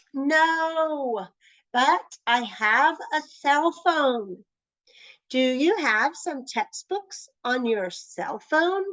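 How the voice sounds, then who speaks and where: A woman teaching a Spanish grammar lesson, slow and patient, repeating each phrase. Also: a little high, fairly bright tone, dry recording, low-quality recording.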